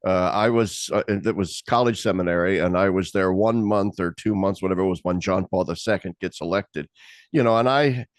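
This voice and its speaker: A low-voiced man in his sixties hosts an interview. He talks earnestly and at length, often restarting his sentences, and his voice sounds dry and close. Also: brisk, dry recording. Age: 60s. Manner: discursive, earnest, with many restarts. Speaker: interview host. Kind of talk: conversational interview.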